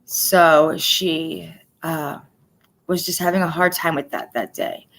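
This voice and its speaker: A woman in her forties giving a personal livestream update, soft-spoken and halting, often dropping to a near-whisper. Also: sits low, steady tone, rough recording. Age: 40s. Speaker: livestream host.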